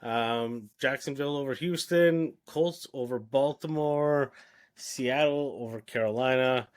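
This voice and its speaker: A man's voice: mid-range voice, a little slow. A man co-hosting a sports podcast, rattling off his picks in casual chat with frequent "uh"s and hesitations. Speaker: podcast co-host.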